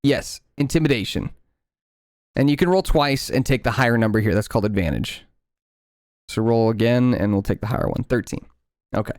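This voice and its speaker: A man narrating a tabletop game as game master, patiently explaining rolls. His voice is smooth and clear at a medium pitch. The recording is close and dry. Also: a little fast, pauses often, darkish tone, no echo. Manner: explaining rules patiently, with filler words.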